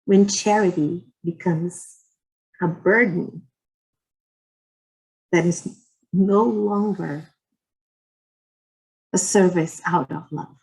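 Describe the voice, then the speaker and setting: A woman giving an earnest religious lecture as a guest speaker. She tells personal stories in short, gentle phrases. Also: on the low side, fairly even intonation, drawn-out words, creaky, long pauses, poor audio. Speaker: guest speaker at a spiritist society.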